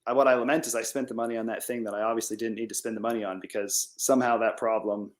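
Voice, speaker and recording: A man's voice: fairly low pitch, steady tone, rapid-fire. Rambling man, casual filler-heavy talk. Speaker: farmer guest. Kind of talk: casual interview chat.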